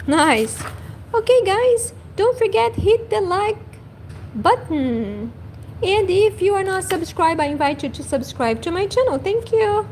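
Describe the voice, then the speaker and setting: A woman language teacher gives a lesson on a livestream in a high, animated voice, with faint noise in the background. She speaks slowly and repeats each word for learners.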